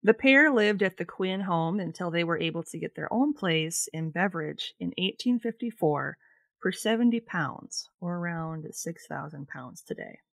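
A woman co-hosting a casual podcast, reading from her notes in a relaxed way. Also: on the low side, moderate pace, gravelly, no room sound. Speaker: podcast co-host, researcher.

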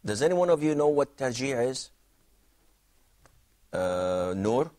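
A man's voice: mid-range voice, sing-song, a little slow, darkish tone. A man teaching a religious jurisprudence class, explaining points and quizzing students by name. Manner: questioning, explanatory, repeats himself. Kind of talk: classroom lesson with questions to students.

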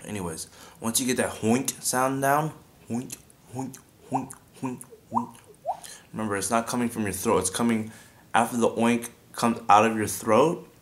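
A man's voice: lowish voice, fairly bright tone. A young man chatting casually as he teaches beatbox sound effects, breaking off to demonstrate mouth sounds. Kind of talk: casual video tutorial.

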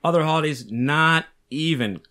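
A man's voice: a little high, normal speed, bright, forceful tone. A man co-hosting a podcast in casual chat, explaining facts in a chatty, teasing way. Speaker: podcast co-host.

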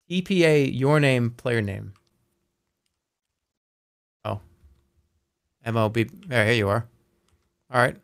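A man streaming a game, chatting casually and joking as he reacts out loud to what happens. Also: medium pitch, animated, unhurried, long pauses, no echo, studio quality. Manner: playful, jokey, reacts out loud, swears. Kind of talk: casual live-stream gameplay commentary.

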